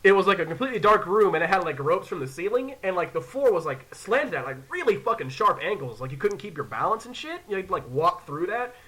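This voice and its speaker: Young male podcast host: high, sharp voice, profane and animated, acts out the people in his stories. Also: quick pace, few pauses, husky. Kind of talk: casual storytelling chat.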